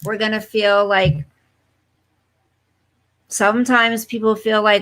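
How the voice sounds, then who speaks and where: Speaking slowly with long pauses, a woman hosts a casual home livestream as fireworks sound outside. Her medium-pitched voice is fairly bright with fairly even intonation. She chats away, reads comments aloud, addresses viewers directly and is easily distracted.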